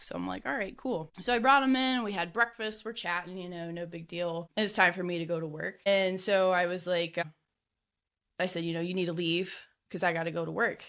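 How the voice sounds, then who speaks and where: A woman's voice: lowish voice, fairly even intonation, moderate pace, a bit bright. A woman guest on a podcast telling a personal story in a casual way, full of fillers and nervous little laughs.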